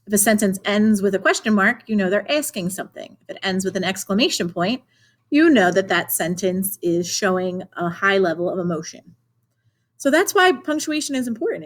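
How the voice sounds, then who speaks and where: Encouraging woman teacher giving a lesson. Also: medium pitch. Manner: clear, encouraging classroom delivery with questions to students. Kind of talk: remote video lesson for children.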